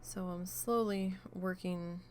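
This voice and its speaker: A woman streamer chatting casually while gaming, rambling and swearing freely as she tells an animated story. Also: on the low side, slow, slight background noise.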